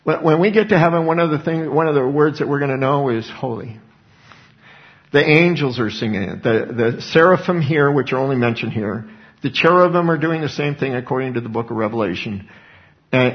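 A male preacher giving a sermon, expounding scripture earnestly and breaking into animated asides, on a dull lo-fi recording. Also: mid-range voice, a little fast.

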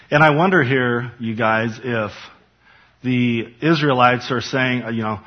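A man's voice: mid-range voice, normal speed, muffled recording. A man preaching a Bible study, building emphasis as he reads scripture aloud. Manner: emphatic, rising for scripture quotes. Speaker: pastor.

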